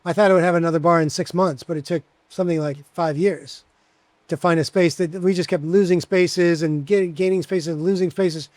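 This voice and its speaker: A man of about sixty talks in a high, bright register as an interview guest. He rambles through lively anecdotes, peppered with casual fillers. The sound is dry, with no room echo. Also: normal speed. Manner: chatty, animated anecdotes with many fillers. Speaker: bartender guest.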